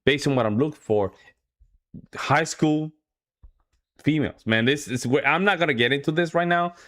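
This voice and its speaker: A man's voice: fairly high pitch, moderate pace, fairly bright tone. Man commenting casually on a clip. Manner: chatty asides to viewers. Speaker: reaction video host.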